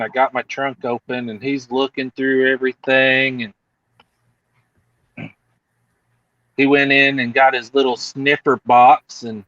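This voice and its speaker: A man spins an animated story in a relaxed group chat, acting out other people's lines as he goes. His voice sits at an ordinary pitch. The sound is dull and lo-fi, dry and close, like video call audio. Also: no room sound. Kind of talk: casual chat.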